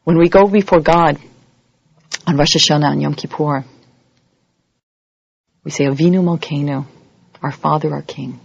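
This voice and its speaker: A woman giving an animated lecture, acting out little scenes and quoted voices as she teaches. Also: normal speed, vocal fry, long pauses, breathy edge, dry recording. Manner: animated, acts out quoted voices with big pitch jumps. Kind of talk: lively lecture. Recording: dull lo-fi audio recording.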